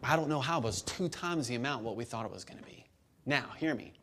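A man's voice: mid-range voice, expressive, quick pace, a bit bright, a little hiss or hum. A man in his thirties preaching to his church in a conversational way, building to emphatic peaks. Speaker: pastor. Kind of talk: sermon.

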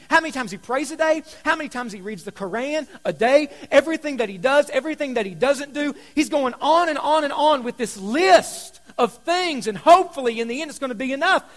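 Pastor, male, very high voice, chatty storytelling sermon with loud and hushed swings. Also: lively intonation, fast talker, few pauses. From Kentucky.

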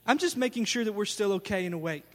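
High-voiced animated male pastor. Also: quick pace, in a large hall. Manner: animated storytelling, acting out scenes with casual slang. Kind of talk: sermon.

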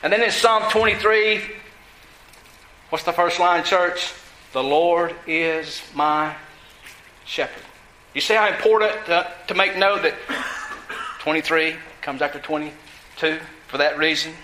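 A man's voice: high-pitched, steady tone, normal speed, pauses often, sharp tone, slight background noise. Pastor guy preaching to his church, quizzes the crowd and repeats himself, roomy echo. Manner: asks the congregation questions, repeats lines for emphasis. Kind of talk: sermon.

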